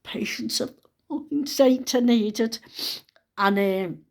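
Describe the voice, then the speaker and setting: A woman's voice: on the high side, slow pace, creaky. Older woman vlogging, rambling chatty storyteller, swears freely. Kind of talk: casual storytelling monologue.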